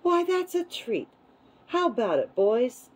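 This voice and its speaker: A woman's voice: medium pitch, expressive, normal speed, warm tone, husky. A woman voicing an eager, agreeable male crocodile who loves sweets.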